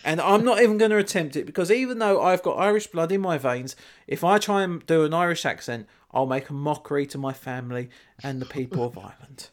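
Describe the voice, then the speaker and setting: A man's voice: on the high side, fairly quick. A man telling rambling stories in casual chat, laughing often as a podcast co-host.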